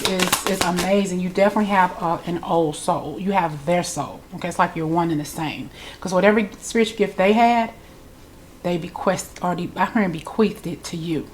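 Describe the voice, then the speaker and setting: A woman's voice: lowish voice, a little hiss or hum. A woman with a congested voice, giving a chatty, loose spiritual reading straight to her viewers. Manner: chatty, loose, repeats herself. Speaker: tarot reader.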